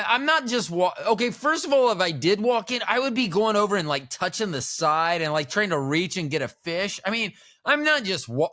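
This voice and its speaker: A man's voice: a little high, sharp tone. A middle-aged man co-hosting a podcast, rambling through playful jokes in casual chat. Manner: rambling, playful, jokey asides. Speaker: podcast co-host.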